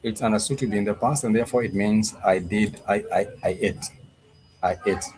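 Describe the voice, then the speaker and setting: A man with a fairly low voice teaches a live online language class. He thinks aloud as he goes and repeats phrases over and over, filling his pauses with ums and uhs and restarting his sentences. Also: a little mellow. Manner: repetitive, thinking aloud, many fillers and restarts. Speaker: Swahili teacher.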